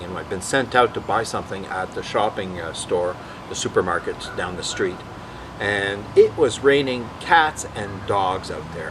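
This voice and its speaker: A man's voice: on the low side, background noise. A man telling rambling anecdotes in a casual vlog, often acting out what others said. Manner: rambling, animated, quotes others in voices. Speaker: vlog host.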